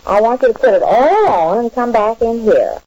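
A woman's voice: fairly high pitch, sing-song, normal speed, warm tone, highs cut off. An actress playing a chatty, bossy wife in a 1930s radio comedy, insisting on her plans and mangling words as she goes. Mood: coaxing. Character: scatterbrained bossy wife, chatty, full of malapropisms.

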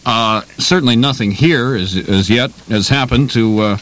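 A man with a mid-range pitch who halts and hesitates between words, filling gaps with pauses while improvising a comedy bit. Faint noise sits under the voice. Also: fairly bright tone, low-quality recording. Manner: hesitant, halting, many uhs.

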